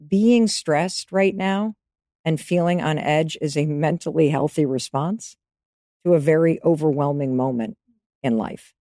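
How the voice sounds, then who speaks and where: A woman's voice: low voice, measured pace, dark tone, no echo, studio quality. A woman in her fifties, a podcast guest giving advice in casual interview talk, emphatic and coaching, speaking straight to the listener.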